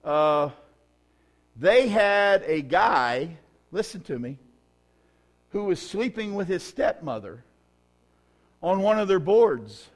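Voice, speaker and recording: Folksy, joking preacher. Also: male voice, high voice, very animated, slow pace, pauses often. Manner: humorous, folksy storytelling with loud emphatic peaks. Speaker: pastor. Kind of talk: sermon.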